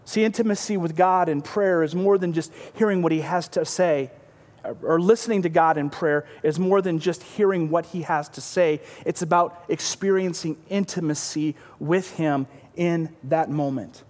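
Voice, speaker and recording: A man's voice: on the high side, normal speed, darkish tone, long reverb tail. A man preaching a sermon as pastor, earnest and repeating words, sometimes dropping to a whisper for emphasis.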